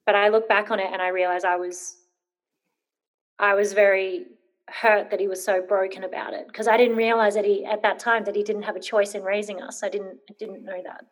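A woman's voice: medium pitch, level tone, brisk. A woman in her thirties, an interview guest telling a personal story, hesitant with many ums and rambling when nervous.

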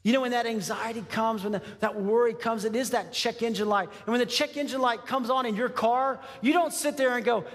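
A man from Texas preaching a sermon in an animated, conversational style, with frequent asides to the congregation. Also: extremely high pitch, fairly quick, few pauses, long reverb tail. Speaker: pastor.

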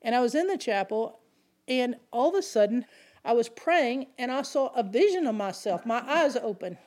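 A middle-aged woman preaching a sermon, telling a personal story in an animated way. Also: a little high, normal speed.

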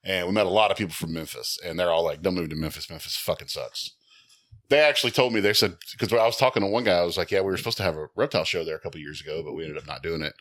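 A man's voice: low voice, expressive, racing, hardly any pauses, fairly bright tone. A man co-hosting a casual podcast, telling stories with a wry, joking edge. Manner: wry, storytelling. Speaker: podcast co-host. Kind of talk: casual chat.

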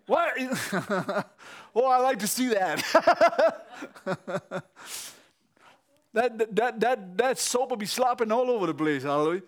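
A man preaching a sermon. He laughs often and swings from low storytelling to loud shouting exhortation. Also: expressive, takes it slowly, long pauses.

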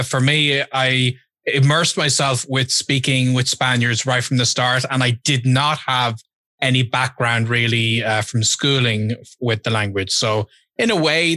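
Man, bright dry voice, hesitant and curious conversational questioner. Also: medium pitch, dry recording. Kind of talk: casual podcast conversation.

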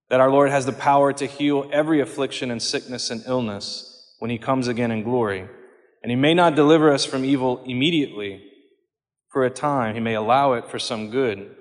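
A man giving a homily on scripture in a measured, earnest way, slowing down whenever he quotes. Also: medium pitch. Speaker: priest. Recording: long hall reverb.

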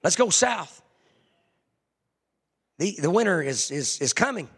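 A man's voice: sing-song, slow pace, vocal fry, fairly bright tone, breathy edge, in a large hall, full character voice. A man voicing a flock of crows who caw and urge a tied friend to fly south with them. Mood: urgent. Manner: cawing, shrill and pleading.

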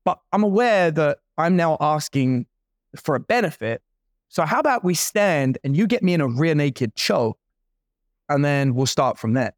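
Man in his forties, guest entrepreneur, lively storyteller, slightly high voice, dry close sound. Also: moderate pace, no echo. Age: 40s. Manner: animated storyteller acting out other people's lines. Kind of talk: casual storytelling.

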